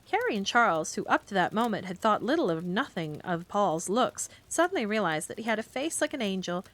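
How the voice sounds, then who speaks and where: Calm woman reading a bedtime story. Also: mid-range voice, brisk. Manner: gentle, calm storytelling with asides to chat. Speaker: streamer reading a book aloud. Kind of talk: cozy bedtime read-aloud.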